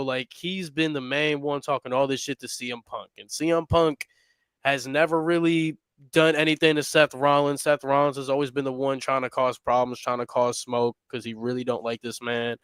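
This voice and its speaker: A man on a podcast mic talks through his view of a wrestling match in a casual, opinionated way. His voice sits at an ordinary pitch, recorded close and dry with no room sound. He builds his argument step by step. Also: flat delivery, normal speed, a bit bright, clean tone, dry recording. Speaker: podcast co-host.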